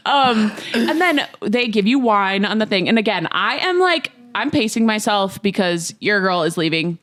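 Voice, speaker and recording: A woman in her twenties co-hosting a podcast, telling a travel story in casual chat, full of "like" and quick laughs. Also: medium pitch, lively intonation, fairly bright tone. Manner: chatty, fills with "like", laughs while telling stories. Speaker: podcast co-host.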